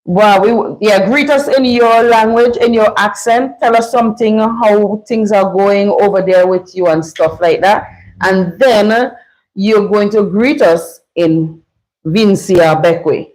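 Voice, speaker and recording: Slow-talking Vincentian woman. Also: medium pitch, a little mellow, rough recording. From St. Vincent and the Grenadines. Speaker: livestream host. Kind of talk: casual livestream chat.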